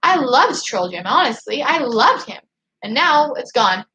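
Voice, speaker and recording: A woman with a fairly high voice chats loosely on a home livestream, reading comments aloud as she goes. She rambles in an excitable way and keeps tripping into restarts. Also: a little slow, slight background noise, poor audio. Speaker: YouTube channel host. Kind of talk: casual livestream chat reading viewer comments.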